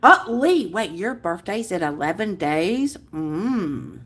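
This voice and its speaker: With a lowish, fairly bright voice that moves slowly and swings widely in pitch, this livestream host chats casually with her audience. She's bubbly and effusive, calling out viewers by name.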